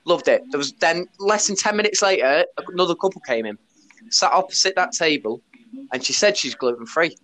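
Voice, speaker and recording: A man's voice: fairly high pitch, animated, a little fast, bright, forceful tone. A man tells a story on his podcast, blunt and casual. He swears freely and retells what people said. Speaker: podcast host; bar worker.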